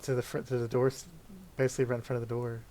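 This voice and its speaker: A man's voice: mid-range voice, level tone, rapid-fire, mellow, a little hiss or hum. A man running a tabletop game as game master, giving brief matter-of-fact rulings.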